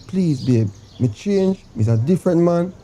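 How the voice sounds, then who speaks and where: A man acting out a remorseful Jamaican boyfriend, begging in a dark, mellow voice that sits a little high. He stretches his words out dramatically. Faint outdoor noise hums behind him. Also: lively intonation. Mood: pleading. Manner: pleading, drawn-out, dramatic. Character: pleading remorseful boyfriend begging to come home. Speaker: actor in comedy sketch. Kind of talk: comedy sketch acting, phone call.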